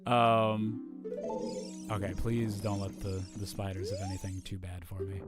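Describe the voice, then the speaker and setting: A man with a fairly low, monotone voice speaks unhurriedly while streaming a game and chatting with viewers. Despite the flat delivery, his casual rambling is upbeat, with many restarts and fillers. Game music is faintly audible.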